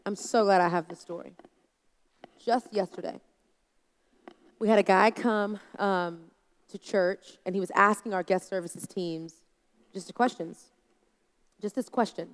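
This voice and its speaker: A woman speaking to an audience about leading a team, in a conversational storytelling manner that acts out quoted voices. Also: medium pitch. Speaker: conference speaker. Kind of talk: leadership talk to a live audience. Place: large hall with an audience. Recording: long hall reverb.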